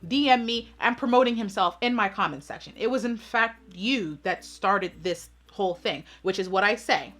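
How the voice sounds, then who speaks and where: A woman's voice: fairly high pitch, expressive, moderate pace, pushed and bright. A woman hosting her channel, telling a storytime vlog in a sassy, emphatic way and often checking in with her audience. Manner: sassy, emphatic, keeps asking "right?". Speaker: channel host.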